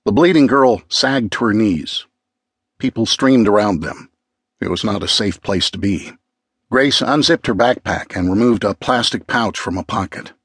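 A man narrating an audiobook with a measured, grave delivery. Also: fairly low pitch, a bit bright, slightly rough, no echo, studio quality. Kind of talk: scripted narration.

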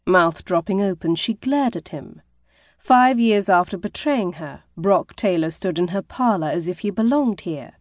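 A woman reading a romance novel aloud as an audiobook narrator, in a measured, expressive way. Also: fairly low pitch, no echo, clean studio sound. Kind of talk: scripted narration.

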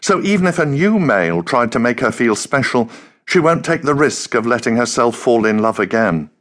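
A gentle, soft-spoken young man, voiced by a male audiobook narrator. He talks quietly and earnestly, with a steady, middling tone. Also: medium pitch, normal speed. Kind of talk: audiobook character voice.

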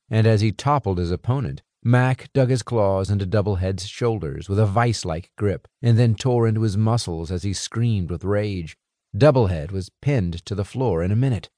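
A man narrating a fantasy audiobook in a dramatic, expressive way, close to a studio mic. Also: on the low side, no room sound. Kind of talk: scripted narration.

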